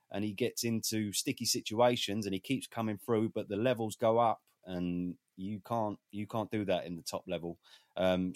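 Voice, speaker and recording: A man giving boxing opinions in a casual, animated chat, swearing freely. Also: lowish voice, dry recording, studio quality. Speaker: boxing pundit.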